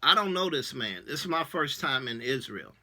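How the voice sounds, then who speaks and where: A man's voice: medium pitch, very animated, normal speed, sharp tone. A man, a religious elder, telling a personal testimony in a casual way, with many fillers, acting out what people said. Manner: casual, many fillers, acts out quoted dialogue.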